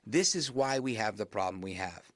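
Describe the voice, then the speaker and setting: A man hosting a talk radio show, delivering an emphatic monologue that keeps rising in pitch to stress his points. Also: expressive, a little fast, no echo.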